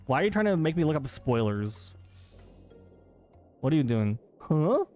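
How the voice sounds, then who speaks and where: A man's voice: medium pitch, sing-song, darkish tone, soft background music. A man streaming live, chatting casually with his chat, reading out messages and protesting their teasing in disbelief. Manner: teasing, incredulous, quick to protest.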